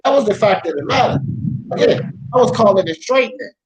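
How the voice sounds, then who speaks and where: A man's voice: high voice, lively intonation, fairly quick, a little hiss or hum, rough recording. A man hosting a sports talk show, arguing bluntly with lots of swearing and street slang. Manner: blunt, profane, argumentative. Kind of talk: heated sports debate. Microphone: podcast mic.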